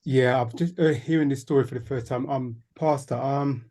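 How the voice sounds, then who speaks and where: A man with a dark, mellow voice who stops and restarts as he hunts for the right words, speaking on a podcast panel over a call. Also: mid-range voice, steady tone. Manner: halting, searching for words. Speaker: DJ and panel member. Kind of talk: casual remarks on a video call.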